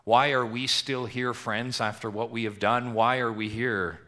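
Bright-voiced preaching man. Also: medium pitch, steady tone, a little slow. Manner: preaching with rhetorical questions, swelling and dropping emphasis. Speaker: pastor. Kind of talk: sermon. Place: church.

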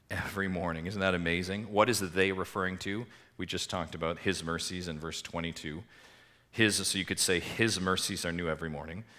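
A pastor with a low voice preaches a sermon to his congregation, posing rhetorical questions. He swings between emphatic swells and quiet drops.

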